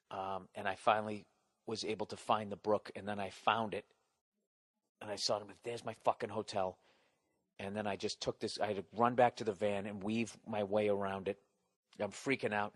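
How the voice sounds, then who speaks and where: A man's voice: on the low side, dry recording. A man hosting a podcast, telling a story in a casual, rambling, profane way, with a Boston accent and a self-mocking edge. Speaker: podcast host.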